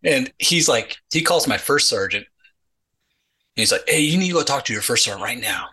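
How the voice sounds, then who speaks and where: Speaking as a guest on a podcast, a retired Army sergeant in middle age recounts an army story in a laid-back interview, keeping it lively by performing the dialogue, often with "he's like." His voice is bright, forward, and slightly rough, medium-pitched at normal speed, and the audio quality is poor.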